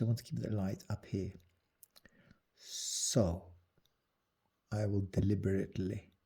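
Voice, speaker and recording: A man's voice: lowish voice, creaky, mellow, breathy edge. A man narrating his drawing as he works, muttering and half-whispering his steps. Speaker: artist demonstrating drawing.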